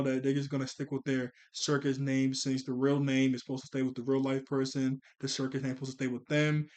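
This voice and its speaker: A man giving a casual spoken review of a cartoon, rambling with many fillers and restarts. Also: mid-range voice.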